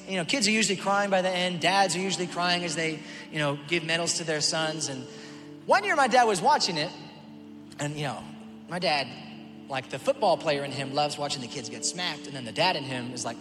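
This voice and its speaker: A man's voice: on the high side, animated, fairly quick. Preaching man in a big echoing hall. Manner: swings from quiet storytelling to shouted preaching. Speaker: pastor. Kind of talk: sermon. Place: large church auditorium. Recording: long hall reverb with music behind.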